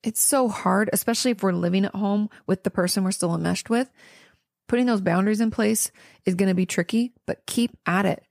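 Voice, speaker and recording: A woman's voice: medium pitch, brisk, creaky, a little mellow, no echo, studio quality. A young woman hosting a podcast, answering listener questions in an earnest, reassuring way, tired and yawning, with plenty of ums and restarts. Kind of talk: casual advice talk.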